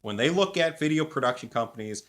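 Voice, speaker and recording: A man's voice: mid-range voice, expressive, fast talker, a bit bright. A man co-hosting a podcast, making his points emphatically and checking in with "right?". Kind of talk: casual conversation.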